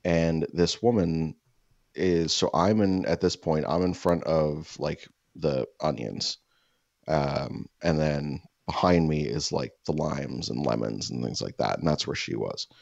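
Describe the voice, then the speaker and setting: A man with a very low, deep voice tells a meandering story, leaning on "like" and "you know" as he goes. The sound is dry and close, slightly dull and lo-fi, and he drops into put-on voices for the people he quotes. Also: a little slow, gravelly, darkish tone, no echo. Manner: rambling, heavy "like" fillers. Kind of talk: casual anecdote.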